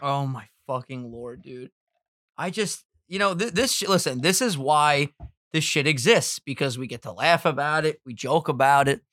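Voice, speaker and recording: A man co-hosting a casual podcast, excitable and giggly, swearing a lot, on a close mic. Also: on the high side, normal speed, no room sound. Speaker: podcast co-host.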